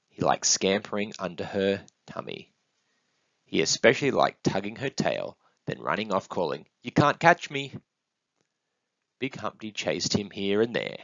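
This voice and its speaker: A man reading a picture book aloud, his low, gravelly voice rising and falling in a lively, sing-song way. The sound is dull and close, with no room echo. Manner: expressive, sing-song storytelling. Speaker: storybook reader. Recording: dull, dry close recording.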